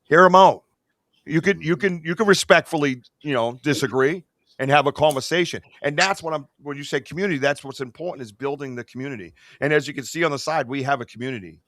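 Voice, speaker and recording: A man chats on a podcast in an excitable, rambling way, full of fillers and restarts. His voice is bright and forceful. The sound is dry and close. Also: mid-range voice, fast talker, no echo. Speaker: podcast host. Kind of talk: casual podcast chat.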